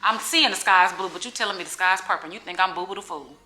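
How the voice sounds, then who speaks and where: A woman's voice: on the low side, rapid-fire, sharp tone. A woman in her forties, a vlogger chatting candidly to camera in a casual Q&A, open and emotional. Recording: echoey room with faint music.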